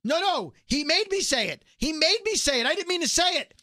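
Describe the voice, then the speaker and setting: A man's voice: very high-pitched, animated, a little fast, pushed and bright, no echo, studio quality, voice pushed up, exaggerated voice. A man voicing a flustered, evasive fake god who rambles and then panics. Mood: panicked.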